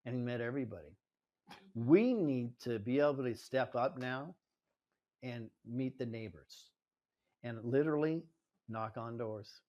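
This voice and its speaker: A man's voice: medium pitch, a little slow, pauses often, lo-fi sound. A man speaking as a guest at a live event, telling stories in a conversational way and often checking in with the audience. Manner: storytelling, conversational, asks "right?". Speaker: guest speaker, home builder. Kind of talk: anecdotal talk to a live audience. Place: indoor venue in front of an audience.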